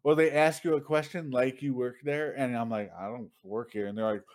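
A young man chatting casually as a podcast co-host, telling stories with lively acted-out outbursts and frequent laughter. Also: mid-range voice, a little fast. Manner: animated storytelling, acting out people with loud outbursts, laughs often. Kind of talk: casual chat.

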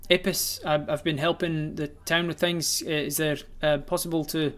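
A man's voice: on the high side, level tone, moderate pace, a bit bright, natural voice. A man voicing a polite dwarf adventurer, speaking hesitantly to the guards.

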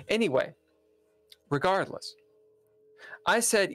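Joking, fast-talking American man. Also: high voice, lively intonation, fairly bright tone, no echo, faint music behind. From United States. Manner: jokey, swearing storyteller. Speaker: podcast host. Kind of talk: casual chat.

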